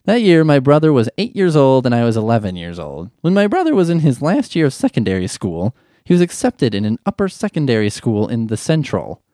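A man reading a sentimental story aloud and mocking it with sarcastic, deadpan asides. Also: mid-range voice, a little fast, no echo, studio quality. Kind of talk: mocking commentary over a read-aloud story.

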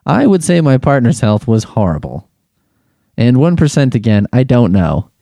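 A man's voice: mid-range voice, sing-song, normal speed, vocal fry, mellow, no room sound. A man hosting a comedic solo podcast, giving crude, sarcastic and exasperated running commentary as he takes a quiz. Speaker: podcast host.

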